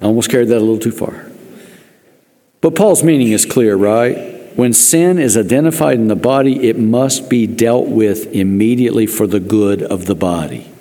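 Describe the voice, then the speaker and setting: A man's voice: on the low side, normal speed, mellow. Man preaching in an echoing hall. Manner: earnest, with dry joking asides. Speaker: pastor. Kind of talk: sermon. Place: church sanctuary. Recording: long reverb of a church hall.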